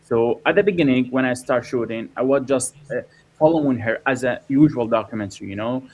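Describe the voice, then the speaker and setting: Halting filmmaker. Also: male voice, medium pitch, poor audio. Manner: halting, many fillers and restarts. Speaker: documentary filmmaker. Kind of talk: interview answers.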